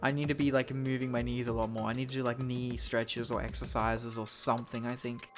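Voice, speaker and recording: A man's voice: mid-range voice, flat delivery, brisk, lo-fi sound, faint music behind. A man streaming a video game, chatting casually and rambling, joking around and swearing freely. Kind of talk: casual live-stream chat.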